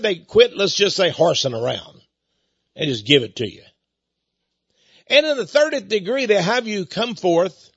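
A man's voice: fairly high pitch, a bit bright, husky, no room sound. A man giving a dramatic storytelling lecture, emphatic, repeating words and lingering on key phrases, on a dull lo-fi recording. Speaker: lecturer on religion.

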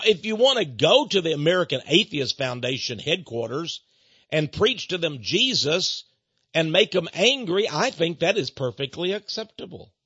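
An older man hosting a radio show, talking in a preachy monologue that swings between hushed asides and emphatic declarations, with frequent chuckles. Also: on the high side, husky, no echo. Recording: dull lo-fi radio broadcast.

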